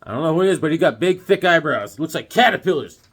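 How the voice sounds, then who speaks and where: A comic book collector hosts his channel's casual review, rambling along and cracking corny puns and asides. His voice sits a little high with a fairly bright tone, and he talks quickly with lively intonation.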